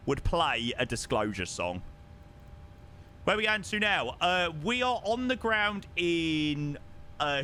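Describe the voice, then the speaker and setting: Excitable young man streaming. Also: on the high side, a little hiss or hum. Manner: chatty, excitable, self-mocking. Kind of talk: casual live-stream chat over a flight sim.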